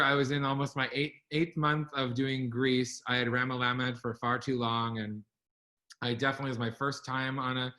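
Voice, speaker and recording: A man co-hosting a casual online chat over a video call, telling lively stories and laughing along the way. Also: medium pitch. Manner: animated storyteller, laughs while telling stories. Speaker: co-host.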